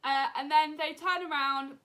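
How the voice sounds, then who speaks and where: A young woman giving an excited, casual recap as a show reviewer, with lots of fillers and acted-out quotes. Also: high-pitched, normal speed. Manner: animated, many fillers, acts out wrestlers' lines.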